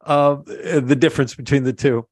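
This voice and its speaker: A middle-aged podcast host leads a casual interview at a moderate pace, telling energetic stories and taking on the voices of the people in them. His medium-pitched voice sounds dry and close to the mic, with no echo.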